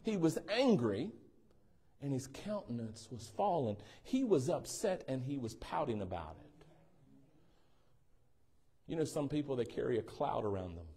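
A man's voice: medium pitch, big pitch swings, unhurried, pauses often, warm tone, husky. A male pastor preaching a sermon in a church, teasing and checking in with the congregation. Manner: playful, teasing asides, asks congregation for responses. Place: church sanctuary.

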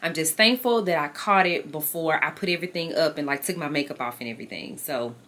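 A woman's voice: low-pitched, fast talker, pushed and bright. A woman vlogging casually to camera, chatting with her viewers as "y'all" and talking herself through her frustrations. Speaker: lifestyle vlogger.

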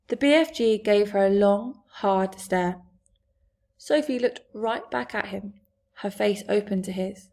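A woman reading a children's novel aloud. Her narration is calm and clear, in a steady storytelling manner. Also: medium pitch, a little slow.

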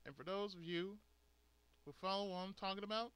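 Pitched high and moving fairly quickly, a man running a gaming channel delivers an angry, profane rant to his subscribers, stressing words emphatically. The sound is smooth and a bit bright, with no room sound.

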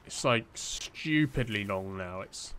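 A young man gives casual let's-play commentary in a slow, animated voice on the low side, a bit bright, with a little hiss or hum in the recording. He rambles, jokes at his own expense, and uses plenty of fillers.

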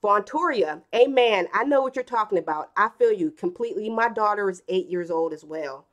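A woman in her thirties chats her way through a live stream. She tells family stories and acts out the quotes. Her voice sits at an everyday middle pitch. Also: lively intonation, brisk. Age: 30s. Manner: chatty, storytelling with acted quotes. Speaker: live-stream host reading chat. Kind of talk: casual live-stream chat.

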